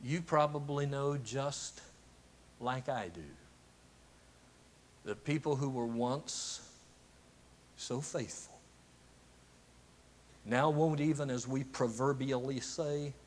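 A man preaching a sermon, with long dramatic pauses, sometimes dropping to a hushed near-whisper on key words. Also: mid-range voice, fairly even intonation.

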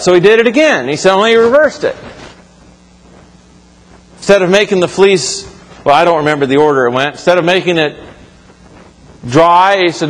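A man's voice: on the high side, animated, moderate pace, pauses often. A man preaching a sermon to his congregation in a church, talking it through conversationally and correcting himself as he goes. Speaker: pastor. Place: church sanctuary. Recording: reverberant hall.

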